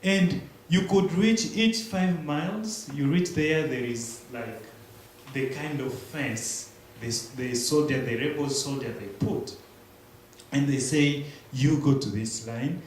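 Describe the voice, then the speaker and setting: A young man giving a church testimony, telling his story slowly and haltingly with pauses and restarts. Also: mid-range voice, darkish tone. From Democratic Republic of the Congo. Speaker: guest speaker. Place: large echoey church hall. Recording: very echoey room, faint hiss.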